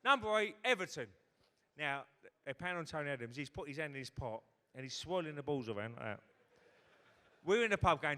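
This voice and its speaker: A man's voice: on the high side, lively intonation, a little fast, a bit bright. Swearing man telling stories on stage. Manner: swearing, acts out other people's lines. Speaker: guest former footballer. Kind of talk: on-stage anecdote. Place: large hotel ballroom. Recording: long reverb of a big hall.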